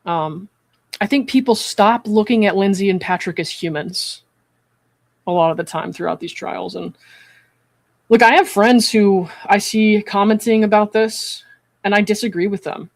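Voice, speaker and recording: With some vocal fry at a middle pitch, a psychiatric evaluator runs a commentary stream in a measured, earnest tone, regularly pausing to check in. The sound is close and dry with no echo, and the delivery moves steadily from reading a transcript to sharing their own take.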